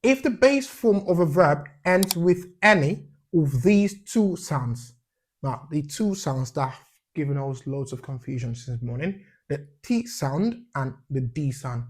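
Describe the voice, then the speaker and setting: A man's voice: on the high side, lively intonation, measured pace. A man teaching an English pronunciation lesson, repeating sounds as drills and checking in with a questioning "yeah?" after each point.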